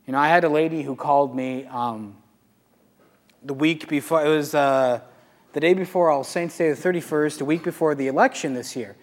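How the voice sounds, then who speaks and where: Priest talking in an echoey hall. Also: male voice, a little high, normal speed. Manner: conversational, animated, rhetorical questions. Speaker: Catholic priest. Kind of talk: talk to a live audience.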